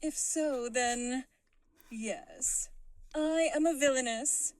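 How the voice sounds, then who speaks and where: A proud, scheming villainess, played by a woman, pitched fairly high yet unhurried and deliberate. She muses in a brooding, rhetorical manner, close and dry. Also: no room sound.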